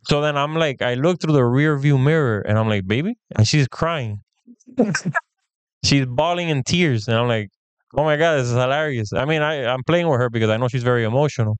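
Smooth-voiced man telling stories. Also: medium pitch, moderate pace, no echo. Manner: animated, acts out quoted dialogue. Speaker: podcast co-host. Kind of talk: casual storytelling chat.

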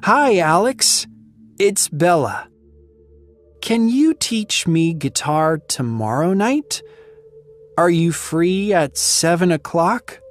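A woman's voice: on the low side, big pitch swings, slow, soft background music. A woman voicing an eager, cheerful teenage girl who lives next door, in a storybook reading. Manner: bright, cheerful, talkative.

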